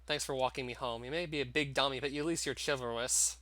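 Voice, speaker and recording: A man's voice: medium pitch, steady tone, fast, pushed and bright, dry recording, lightly acted. A man reading the lines of a blunt, teasing teenage girl.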